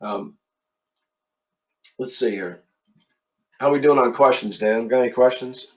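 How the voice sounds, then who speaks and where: A middle-aged man from Philadelphia hosting a casual trading webinar, talking in a halting way with many repeated words and fillers. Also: medium pitch. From East Coast of the United States, Philadelphia. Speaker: webinar host and trading instructor. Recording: dull lo-fi online audio.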